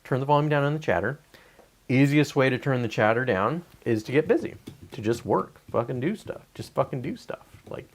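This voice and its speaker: A man's voice: animated, a little fast. A man in his forties hosting a livestream, talking in a loose, rambling, profane way and mocking complainers. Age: 40s. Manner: profane, digressive, mocks whiners in high whiny voices. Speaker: livestream host. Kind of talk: casual rambling livestream chat.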